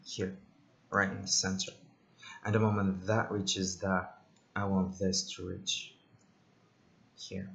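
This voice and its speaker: A man casually talking through a software tutorial, thinking aloud with many ums and side jokes. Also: low-pitched, little pitch movement, slow, gravelly, pauses often. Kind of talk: casual screen-recorded tutorial.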